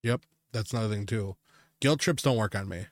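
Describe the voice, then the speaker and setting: A man's voice: on the low side, brisk, dry recording, clean studio sound. A young man co-hosting a podcast, in casual chat, joking, laughing often and swearing freely. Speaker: podcast co-host.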